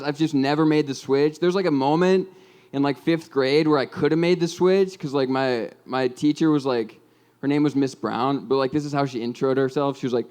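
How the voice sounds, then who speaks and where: A man's voice: on the high side, darkish tone, clean tone. Rambling young man doing stand-up. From Minnesota, USA. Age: 20s. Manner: rambling, self-deprecating, lots of "like" and "um". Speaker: stand-up comedian. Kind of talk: stand-up comedy set. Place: comedy club stage with audience.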